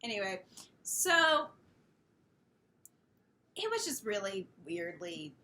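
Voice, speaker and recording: Bright-voiced young woman, casual rambling chat. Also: medium pitch, very animated, slow. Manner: rambling, with restarts. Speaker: podcast co-host.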